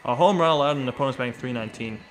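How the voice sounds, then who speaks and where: Chatty man calling baseball live. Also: racing. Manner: chatty, reacts to chat between pitches. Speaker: live sports commentator. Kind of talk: casual live play-by-play.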